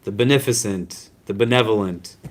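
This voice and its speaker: Low-voiced imam chatting through a lesson. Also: male voice, moderate pace. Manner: conversational, often checks in with "right?" and "does that make sense?"; self-deprecating humor. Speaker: imam teaching a class. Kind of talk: casual religious lecture. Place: lecture room at a university Islamic center.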